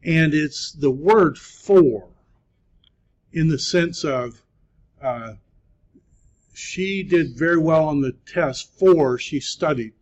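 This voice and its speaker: A man teaches biblical Greek to a class at an unhurried, deliberate pace. He talks patiently and encouragingly, pausing often. The classroom recording sounds muffled and lo-fi. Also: on the high side. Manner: slow, patient, encouraging, with many "uh" pauses. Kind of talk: classroom lecture.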